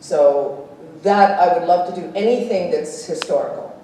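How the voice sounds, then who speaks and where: An actress speaking at a convention panel, animated and quick to laugh as she tells stories and acts out voices. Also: lowish voice. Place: convention hall stage. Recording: echoey hall, distant, faint hiss.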